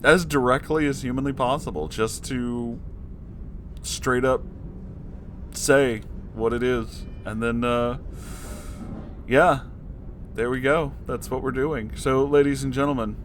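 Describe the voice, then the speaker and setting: Slow-talking amused young man. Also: medium pitch, steady tone, a bit bright, slight background noise. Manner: slow, amused, incredulous asides. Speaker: fanfiction reader. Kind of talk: comedic story reading.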